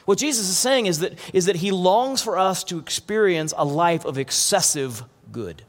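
A man's voice: high-pitched, expressive, moderate pace. A man preaching a sermon as pastor, earnest, often restarting and repeating words. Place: church hall. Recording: long hall reverb.

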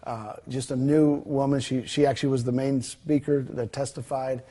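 A man with a husky voice at an ordinary middle pitch, telling a story as a guest. He talks in a conversational, animated way, acting out the dialogue with plenty of fillers and restarts. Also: moderate pace. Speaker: guest telling a ministry testimony.

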